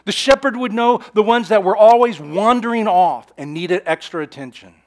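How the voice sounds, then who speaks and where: Man, high voice, earnest sermon, emphatic repetition, hushed asides. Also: normal speed. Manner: earnest preaching, rising to emphatic declarations and dropping to hushed confessions; repeats phrases and restarts mid-sentence. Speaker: pastor.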